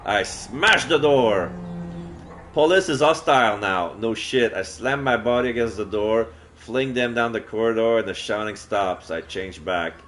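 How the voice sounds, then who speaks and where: A man streaming a solo roleplay game, narrating in first person and breaking off with excited, swearing outbursts. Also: on the low side, measured pace, slight background noise.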